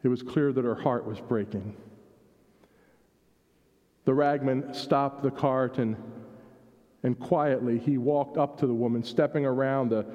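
A man, a pastor, reading a story aloud during a worship service in a measured storytelling manner, sometimes repeating a word. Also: mid-range voice, fairly even intonation. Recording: dull sound in a reverberant hall.

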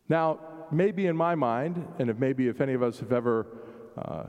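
A man's voice: medium pitch, moderate pace, darkish tone, muffled recording. Reflective male preacher in a reverberant hall. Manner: reflective, varies emphasis, acts out quoted questions. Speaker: pastor. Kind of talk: sermon.

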